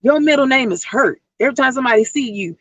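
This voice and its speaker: Woman, life coach, motivational vlog, emphatic preaching rhythm, husky, fairly high voice, dry close sound. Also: animated, fast talker, no room sound, muffled recording. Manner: emphatic, repetitive preaching cadence.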